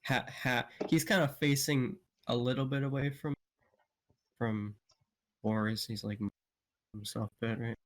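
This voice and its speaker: A man's voice: medium pitch, steady tone, a little slow, long pauses. A man playing a tabletop game over a voice call, joking and trailing off. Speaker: player. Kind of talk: casual tabletop game chat.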